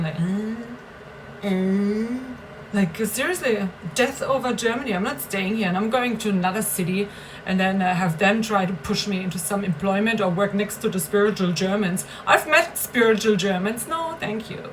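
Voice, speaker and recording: A woman's voice: medium pitch, fairly bright tone, slight background noise, poor audio. A woman venting in a personal vlog, bitter and emphatic, swearing and repeating herself for stress. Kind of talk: agitated personal vlog rant.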